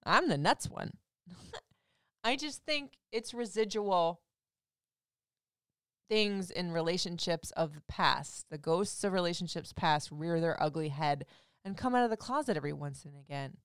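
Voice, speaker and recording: Woman in her thirties, radio host, candid chat, smooth clear voice, dry close sound. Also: lowish voice, animated, a little slow, no echo. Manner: candid and chatty, swinging from loud emphasis to soft asides. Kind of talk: casual monologue.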